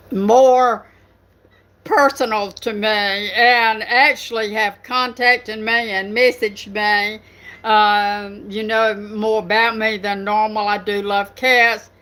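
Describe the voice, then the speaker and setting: An older woman with a Southern US accent hosts her writing channel in a casual live stream. Her medium-pitched, slightly bright voice carries a chatty, rambling delivery full of fillers.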